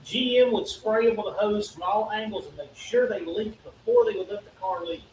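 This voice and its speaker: A man's voice: high voice, moderate pace, a little mellow. A man in a casual live-stream chat making dry, sarcastic asides. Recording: echoey, distant, faint background noise.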